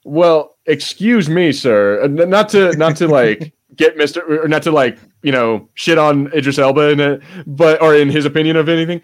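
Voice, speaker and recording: A man's voice: on the high side, normal speed, few pauses. A man co-hosting a podcast, rambling and joking with casual swearing. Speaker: podcast co-host.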